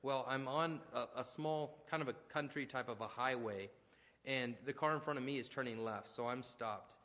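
A man's voice: medium pitch, normal speed, fairly bright tone. A man preaching a sermon, talking conversationally and telling personal stories with asides and restarts. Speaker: pastor. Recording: long hall reverb.

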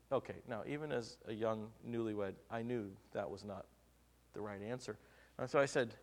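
A man preaching a sermon, telling humorous stories from his own marriage and swinging between loud and soft delivery. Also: on the low side, normal speed, gravelly. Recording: long reverb of a large hall.

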